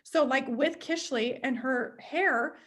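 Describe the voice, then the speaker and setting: A woman's voice: sits high, takes it slowly, a bit bright. A young woman leading a team meeting, chatty and open, acting out inner voices as she talks. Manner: open and emotional. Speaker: sales team leader. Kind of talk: motivational team meeting talk.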